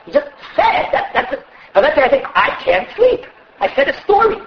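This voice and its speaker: A man teaching a class on Jewish law in an animated lecturing manner, often repeating his points. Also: very high voice, quick pace, slight background noise. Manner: animated, mixes Yiddish and Hebrew terms, repeats points. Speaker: rabbi teaching halacha. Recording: echoey room, dull lo-fi sound.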